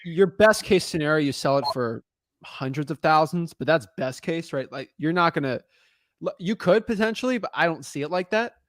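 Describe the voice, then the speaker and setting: A man's voice: fairly high pitch, animated, normal speed, fairly bright tone, no echo, studio quality. A young adult man coaching callers on real estate deals live, direct and encouraging, checking in with the listener as he talks.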